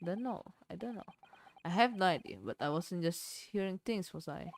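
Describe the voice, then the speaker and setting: A woman's voice: fairly low pitch, expressive, moderate pace. A woman reading a flustered rookie male lawyer. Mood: puzzled. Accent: Indonesian.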